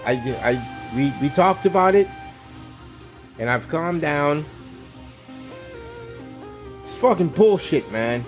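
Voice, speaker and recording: A man's voice: fairly high pitch, expressive, takes it slowly, pauses often, soft background music. A man co-hosting a podcast, in a heated, profane comedic rant where he keeps repeating himself. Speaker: podcast co-host.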